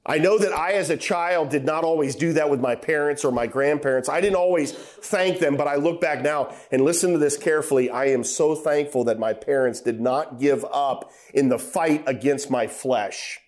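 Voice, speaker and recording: A man's voice: normal speed, few pauses. Middle-aged male preacher, storytelling sermon, acts out the quotes, builds to emphatic peaks. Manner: storytelling with acted quotes, rising to loud emphatic high passages.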